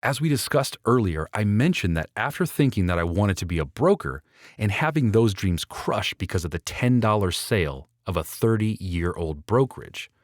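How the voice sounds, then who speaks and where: A man's voice: on the low side, very animated, moderate pace, no room sound, studio quality. A man reading his own book aloud as an audiobook, persuasive and speaking straight to the listener. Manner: persuasive, addresses the listener directly. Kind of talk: audiobook narration.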